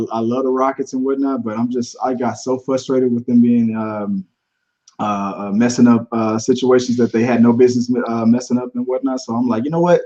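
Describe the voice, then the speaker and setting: A man's voice: medium pitch, darkish tone. A man, hosting a casual podcast chat in a laid-back, rambling way and laughing often. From Houston, Texas. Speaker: podcast host. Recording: dull lo-fi audio.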